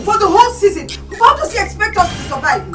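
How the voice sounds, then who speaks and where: A woman's voice: extremely high pitch, sing-song, quick pace, loud music behind the voice. A woman playing an indignant Nigerian widow. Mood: complaining. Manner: accusing, pleading. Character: grieving, indignant middle-aged village widow. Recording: film score underneath.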